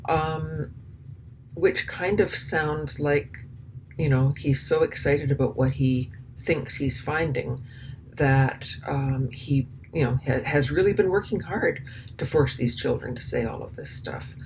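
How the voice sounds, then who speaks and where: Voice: mid-range voice, slow pace, darkish tone, a little hiss or hum, rough recording. A commentator talking through a recording, hesitant and full of restarts, with indignant, sarcastic asides. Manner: hesitant, many ums and restarts. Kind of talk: spoken commentary.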